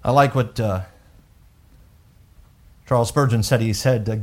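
A man preaching a sermon with emphatic swings from loud declarations to hushed, drawn-out lines, repeating words as he works through a thought. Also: mid-range voice. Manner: unhurried, deliberate, with pauses and repeated words. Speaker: pastor.

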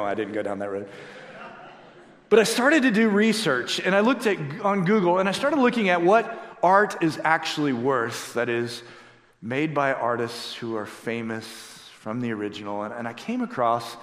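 A man's voice: mid-range voice, fairly bright tone. A middle-aged man preaching a sermon as a pastor, telling stories with emphatic delivery. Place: church sanctuary. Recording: echoey hall with long reverb.

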